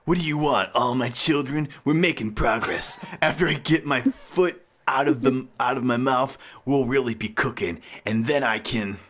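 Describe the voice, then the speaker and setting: A man's voice: mid-range voice, moderate pace, few pauses, a bit bright, slight background noise. A man reading film lines aloud with friends in a casual, joking read-through.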